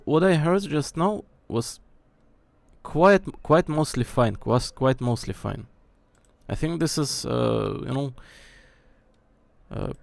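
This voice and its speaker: A gravelly, darkish, medium-pitched male voice, with no room sound, muses aloud on a home stream. He's checking how his desk mic sounds as he shifts nearer and farther, in casual mic-check rambling.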